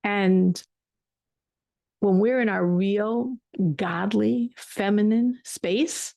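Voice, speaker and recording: A woman's voice: mid-range voice, drawn-out words, vocal fry, darkish tone, no room sound, studio quality. A woman teaching a Torah class, telling a story with emphatic repetition. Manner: emphatic, repeats words for weight.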